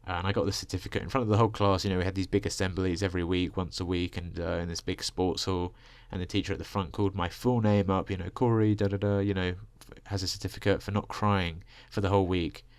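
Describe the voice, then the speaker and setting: Speaking quickly in a deep voice with little pitch movement, a young vlogger rambles through a long, profane monologue packed with "like" and "you know." A desk microphone captures him close up, with a dry sound and no room noise.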